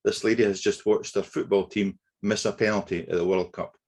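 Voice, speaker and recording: A man leads a negotiation training webinar, speaking in a low, slightly husky voice. He explains concepts steadily and methodically, with the odd filler as he goes. It sounds like a computer mic on a video call. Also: fairly even intonation, a little mellow. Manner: measured explanatory delivery with occasional fillers. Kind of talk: webinar lecture.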